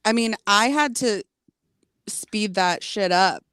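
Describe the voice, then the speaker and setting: A woman's voice: medium pitch, takes it slowly, a bit bright, clean tone, no echo, clean studio sound. A woman guest on a livestream panel over a video call, joking and rambling in a crude, casual way.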